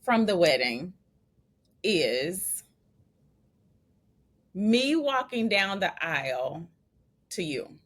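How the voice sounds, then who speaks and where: A woman telling a story in a casual chat, animated and chatty, laughing often and using slangy asides. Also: lowish voice, drawn-out words, long pauses. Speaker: bride and co-host of a couple's channel.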